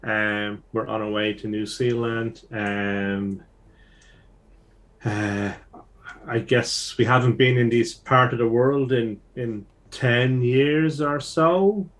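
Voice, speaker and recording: A man speaking for his character at a tabletop game. He talks slowly and hesitantly, with many ums, in a medium-pitched voice. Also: steady tone, fairly bright tone. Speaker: player.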